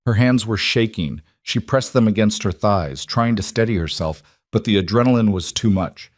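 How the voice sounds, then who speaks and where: Male narrator, measured story read, low voice, dry close mic. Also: animated, dry recording.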